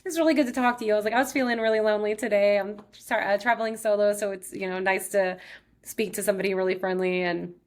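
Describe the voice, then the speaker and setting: A young woman from Texas talks through a personal story in an easygoing, conversational way. She leans on "like" between phrases and keeps a middle pitch for a woman. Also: steady tone, fast. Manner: chatty, heavy use of "like". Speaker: podcast host. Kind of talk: casual storytelling.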